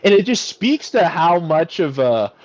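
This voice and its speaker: A man with a somewhat high voice rambles in casual podcast talk, stumbling and restarting as he goes. His mic sounds dull and lo-fi. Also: very animated, measured pace. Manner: hesitant, rambling, many restarts. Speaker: podcast co-host. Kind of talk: casual chat.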